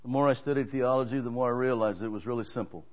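A man's voice: medium pitch, fast, dull audio. A male pastor preaching a sermon, telling stories and emphatically urging his congregation to act. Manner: emphatic, exhorting, storytelling preacher.

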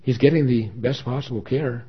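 A man's voice: medium pitch, moderate pace, breathy edge, pitched above the performer's own voice. A man voicing a distraught young woman who pleads on the phone, close to sobbing, in a story reading. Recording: dull lo-fi recording.

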